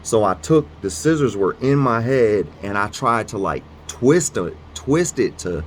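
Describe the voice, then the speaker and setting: Man vlogger, low voice, slow and rambling delivery, casual storytelling and devotional reading, faint room hum. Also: big pitch swings. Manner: rambling, halting, fillers and restarts.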